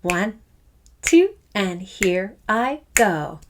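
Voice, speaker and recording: A woman's voice: medium pitch, big pitch swings, extremely slow, heavy background noise. A middle-aged woman music teacher from Canada, giving a playful, upbeat online lesson for children. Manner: enthusiastic, playful, speaks to children.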